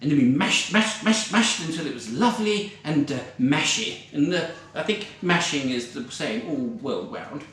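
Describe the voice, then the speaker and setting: A man's voice: on the high side, lively intonation, moderate pace, few pauses, a bit bright. A man as a posh rambling lady, distant and echoey. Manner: plummy, rambling, says darling constantly. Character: posh scatty middle-aged British lady sidekick. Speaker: cooking show co-host. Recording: very echoey room, far from mic.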